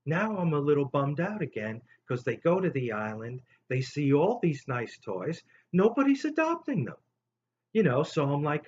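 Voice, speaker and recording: An older man spins a rambling childhood tale in a casual, animated way. His voice sits mid-range but leaps high when he quotes someone. The recording is slightly muffled, with a faint hum of room noise behind him. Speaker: storyteller host. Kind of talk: casual storytelling to camera.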